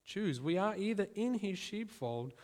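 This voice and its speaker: A man preaching a sermon in a church, talking conversationally, calling his listeners friends and pausing to stress his points. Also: sits high, very animated, a little mellow, in a large hall.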